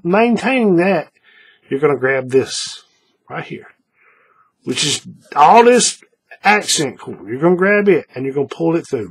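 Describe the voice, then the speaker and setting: A man's voice: fairly high pitch, breathy edge. Folksy man talking through a craft demo. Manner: folksy, repeats steps, checks in with viewers. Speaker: paracord craft instructor. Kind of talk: hands-on tutorial narration.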